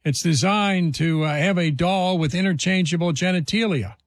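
A man's voice: sits high, normal speed, dry recording. A man hosting a talk radio show, delivering an indignant, emphatic monologue full of rhetorical questions.

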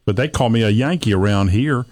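A man's voice: fairly low pitch, fairly quick, a little mellow, no echo. A man from Virginia chatting on a radio show, asking curious questions with hesitant fillers. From Virginia, United States. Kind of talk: casual radio chat.

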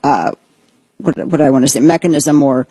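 A woman hosting a political talk show, giving blunt and sarcastic commentary with quick asides. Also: low-pitched, mellow, husky, dry recording.

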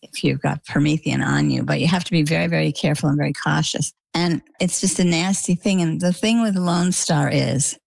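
Gravelly-voiced middle-aged woman telling a story. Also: deep voice, brisk, hardly any pauses, no room sound, rough recording. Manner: lively anecdotal storytelling with repeated phrases. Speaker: interview guest. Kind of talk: personal storytelling in an interview.

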